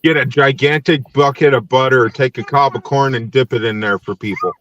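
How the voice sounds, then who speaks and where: A man's voice: mid-range voice, fairly even intonation, fairly quick, fairly bright tone, dull audio. A young adult man from Tennessee hosting a podcast in casual chat, easygoing, laughing often and using many fillers. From Nashville, Tennessee. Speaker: podcast host.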